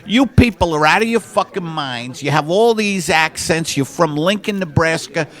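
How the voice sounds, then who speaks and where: A man's voice: fairly high pitch, lively intonation, normal speed, a bit bright. A man playing an exasperated, foul-mouthed male portrait photographer in an improvised sketch. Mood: fed up. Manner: exasperated, cursing, bossy.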